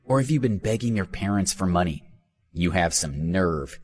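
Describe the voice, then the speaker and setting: A man's voice: deep voice, expressive, normal speed, darkish tone. A man voicing a spiteful young male troll who talks in a taunting, sneering way.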